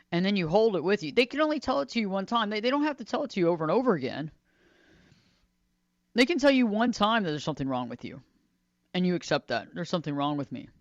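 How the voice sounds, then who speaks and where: A woman's voice: lowish voice, dry recording. Woman hosting a talk radio show, chatty and repetitive, dry close mic kinda dull. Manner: conversational, repeats phrases for emphasis, acts out quoted voices. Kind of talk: solo talk radio monologue.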